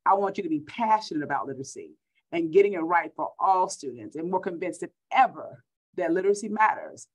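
A woman's voice: lowish voice, animated, a little fast, poor audio. A middle-aged woman from Texas with a Texan accent, a school superintendent giving an upbeat keynote speech over a video call, repeating words for emphasis.

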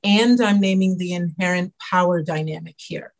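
A woman panelist and consultant speaking in a measured, thoughtful way. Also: fairly low pitch. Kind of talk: panel discussion.

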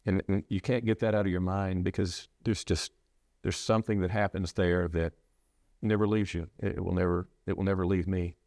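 A middle-aged man, a preacher, speaking earnestly about losing his wife, halting often and restarting his sentences. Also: low voice, steady tone, darkish tone, dry recording, studio quality. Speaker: preacher sharing his loss. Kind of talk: reflective interview talk.

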